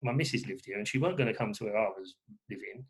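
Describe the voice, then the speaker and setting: A man's voice: lowish voice, fast. Rambling man, chatty guest. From England. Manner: rambling, many fillers and restarts. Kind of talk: casual conversation.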